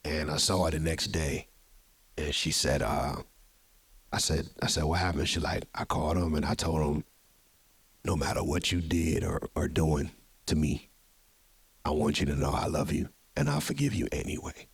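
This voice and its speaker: A man with a very low, husky voice tells a story at a live podcast show. He talks with energy, hypes up the crowd and often repeats words as he goes. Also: moderate pace. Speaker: podcast host. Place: live show venue with audience.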